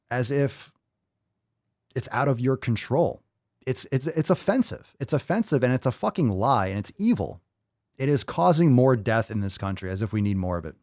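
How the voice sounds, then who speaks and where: Male livestream host, swearing and sarcastic, mid-pitched voice, dry close sound. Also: a little mellow, no echo. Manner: profane, sarcastic, ranting. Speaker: podcast host. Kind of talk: livestream rant.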